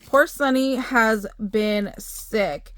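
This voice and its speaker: A middle-aged woman chatting excitedly as she opens craft mail, gushing over each item. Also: fairly high pitch, very slow, dry recording. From United States. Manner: gushing, excitable, many exclamations. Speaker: crafting vlogger opening happy mail. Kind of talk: casual chat.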